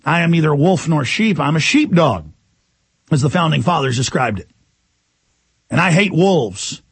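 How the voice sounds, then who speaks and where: Gravelly, husky male talk host. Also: on the high side, expressive, normal speed, dry recording. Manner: forceful, lecturing, rambling asides. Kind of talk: political monologue.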